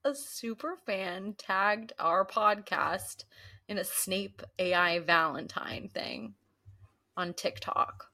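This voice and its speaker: A young woman from the US East Coast, co-hosting a podcast in casual chat and telling animated stories, mimicking voices and gasping. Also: mid-range voice, slow, gravelly. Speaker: podcast co-host.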